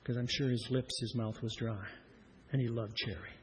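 A pastor from Iowa preaching a personal story in an earnest, repetitive style that grows louder at its points. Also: male voice, mid-range voice, fairly even intonation, normal speed, slight background noise. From Iowa, USA.

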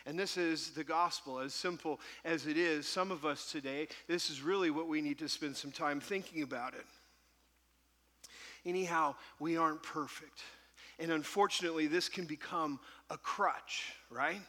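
A man delivers a sermon with a bright, forceful voice that sits a little high. He tells stories with an animated, self-deprecating humor. The sound carries a long hall reverb. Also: normal speed. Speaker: pastor.

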